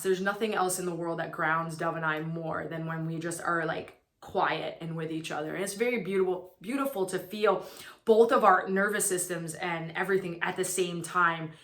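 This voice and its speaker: A woman's voice: on the low side, fairly bright tone, echoey room. A woman coach chatting earnestly about her relationship, telling stories with restarts. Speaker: twin flame coach. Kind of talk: casual chat.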